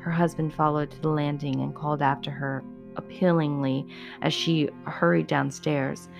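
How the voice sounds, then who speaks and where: A woman reading a horror story aloud in a steady, measured way, then chatting to her listeners. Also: low-pitched, creaky, over music.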